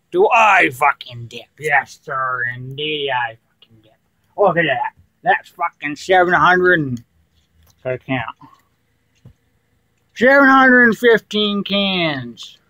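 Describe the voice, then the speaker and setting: A rowdy, crude hillbilly who dips tobacco, as a man puts him on, talking in a slow, high-pitched full of rambling fillers. The sound is close and dry. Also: bright, forceful tone, no room sound, exaggerated voice. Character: loud crude male hillbilly tobacco dipper. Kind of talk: comedy character vlog.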